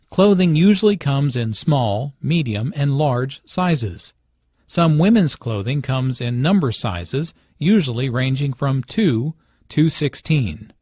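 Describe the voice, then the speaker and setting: Slow, measured man narrating a lesson. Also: medium pitch, a little mellow, no room sound, studio quality. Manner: measured, explanatory.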